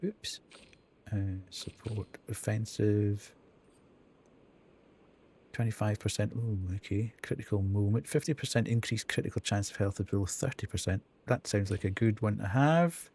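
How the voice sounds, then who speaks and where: A man's voice: fairly low pitch, a little slow, darkish tone, a little hiss or hum. A man streaming a video game live, thinking aloud as he counts and reads out menu options. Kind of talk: casual live gameplay commentary.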